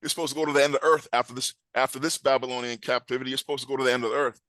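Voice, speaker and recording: A man's voice: medium pitch, level tone, racing, fairly bright tone, dry recording. Man, scripture teacher, emphatic, questioning, dry close sound. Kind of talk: scripture class.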